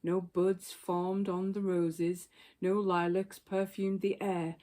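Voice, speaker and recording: A woman reading a children's story aloud in a gentle, unhurried storytelling manner. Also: lowish voice, flat delivery.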